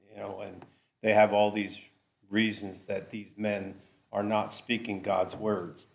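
Slow-talking man teaching Bible study. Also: fairly low pitch. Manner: slow, deliberate, checks in with "okay?".

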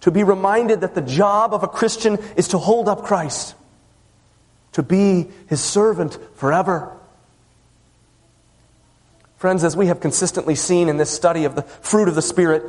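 High-voiced preacher in a reverberant hall. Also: male voice, measured pace, pauses often, a little mellow. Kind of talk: sermon.

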